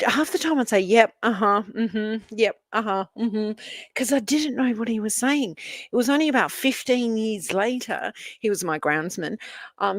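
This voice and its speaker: A woman's voice: fairly low pitch, vocal fry, no echo. A middle-aged Australian woman hosting a livestream, chatting casually and laughing as she reads viewer comments, swearing freely. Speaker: livestream host.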